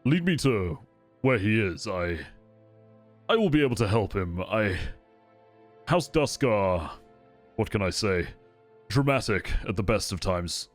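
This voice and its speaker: A man's voice: on the low side, sing-song, unhurried, pauses often, faint music behind. A man voicing a young, gracious noble steward. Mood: courteous. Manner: polite, formal, gracious. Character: young regal noble man, courteous and poised.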